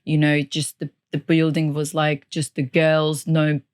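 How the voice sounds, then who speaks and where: A woman who grew up in Turkey, her accent a mix of Turkish and a bit of Birmingham. She chats easily and laughs often, and her voice sits a little low. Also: completely flat delivery, unhurried, a little mellow, clear, resonant tone. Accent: Turkish, mixed with a Birmingham lilt. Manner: chatty, laughing storyteller. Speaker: podcast guest. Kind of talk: casual interview chat.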